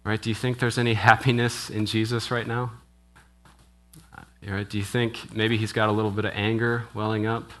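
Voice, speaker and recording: A male minister gives a conversational sermon in a church. He draws the congregation in with questions and a steady "right?". His voice sits a little low but comes across bright and forceful. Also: normal speed. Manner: asks the congregation questions, with frequent "right?" tags; conversational, with restarts and brief laughs. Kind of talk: interactive sermon.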